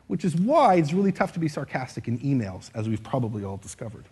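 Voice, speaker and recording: A man's voice: fairly high pitch, animated, fairly quick, few pauses, slightly rough. A man speaking on stage to a live audience, leading a playful speaking exercise and acting out different ways of saying lines. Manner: playful, demonstrative, shifts voice to show expression. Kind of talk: interactive stage talk.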